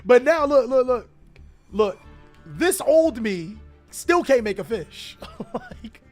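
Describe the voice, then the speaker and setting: A young man hosting his channel, telling a story casually to his chat, animated, laughing often and swearing freely. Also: very high-pitched, slow, faint music behind. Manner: animated, laughing, profane, chatty. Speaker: channel host.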